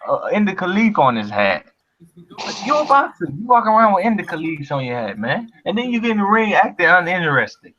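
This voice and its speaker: A man co-hosting a casual fight chat, ranting with lots of swearing and animated emphasis. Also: high voice, brisk, background noise. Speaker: co-host. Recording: lo-fi dull audio.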